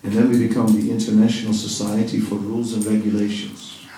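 A man's voice: on the low side, flat delivery, fairly quick, warm tone. A man giving a devotional talk, earnest and reassuring, repeating words for emphasis. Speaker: spiritual teacher. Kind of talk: devotional talk answering a question. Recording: echoey room, distant mic, faint noise.

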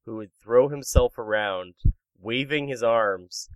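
A man's voice: mid-range voice, takes it slowly, clean tone, no room sound, low-quality recording. Man, comedy podcast host, punning, casual chat, dead dry sound. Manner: jokey, punning, reads out news stories.

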